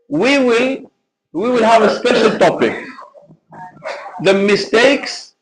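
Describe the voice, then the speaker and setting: A man's voice: very high-pitched, lively intonation, slow pace, pauses often, poor audio. A man teaching Quran recitation in a live session, explaining patiently and correcting a student.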